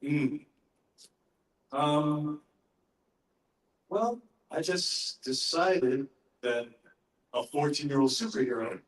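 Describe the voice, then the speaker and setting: Middle-aged male panel guest, slow and easygoing storyteller, heard from far off in a reverberant room. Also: fairly high pitch. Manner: relaxed, anecdotal, pauses to gather his thoughts. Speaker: guest voice actor on a fan panel. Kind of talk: live convention Q&A answers. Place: large convention panel room. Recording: echoey hall, voice heard from far off.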